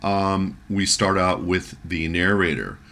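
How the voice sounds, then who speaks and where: A man giving a music lecture, talking in a halting way with many fillers and restarts as he reads and translates a German poem. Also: deep voice, fairly even intonation, fairly bright tone. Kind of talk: recorded lecture.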